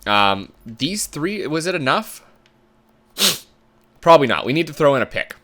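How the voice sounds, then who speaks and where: A man's voice: fairly high pitch, big pitch swings, moderate pace, sharp tone. A man giving casual commentary while playing a sports management game, thinking aloud in a chatty way. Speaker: gamer commentator.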